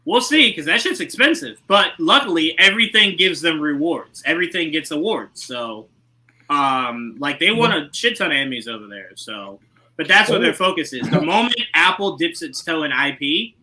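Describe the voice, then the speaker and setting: A man talks with a slightly high, very bright and forceful voice that swings widely in pitch. He banters casually with friends on a podcast, teasing and emphatic. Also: expressive, moderate pace. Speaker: podcast co-host. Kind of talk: casual chat.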